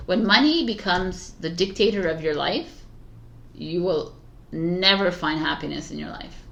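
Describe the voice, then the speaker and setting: A woman's voice: fairly low pitch, a bit bright. A woman reading tarot cards for viewers in a loose, rambling way, often breaking into laughter as she talks about letting go and self-love. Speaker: tarot reader. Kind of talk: casual tarot reading monologue.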